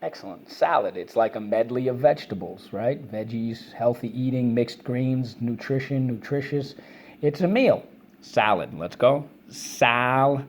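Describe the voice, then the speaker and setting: Expressive and a little mellow, a man's mid-range voice leads children through a phonics and vocabulary lesson online. He drills words briskly and repeatedly, prompting listeners and praising each answer.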